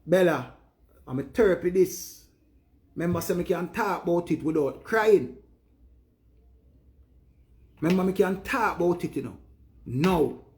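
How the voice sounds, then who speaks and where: A man's voice: high voice, animated, unhurried, pauses often, darkish tone. A man with a Jamaican accent giving an earnest, preachy monologue in Patois to his viewers. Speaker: live streamer.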